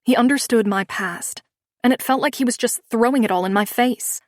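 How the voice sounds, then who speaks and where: A woman narrating a romance audiobook in the first person, with a measured, expressive reading. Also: on the high side, dry recording, clean studio sound.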